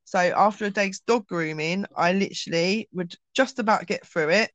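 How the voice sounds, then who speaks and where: A woman's voice: medium pitch, moderate pace, fairly bright tone, no echo. A woman, telling a personal story as an interview guest in a chatty way, acting out dialogue with frequent ums.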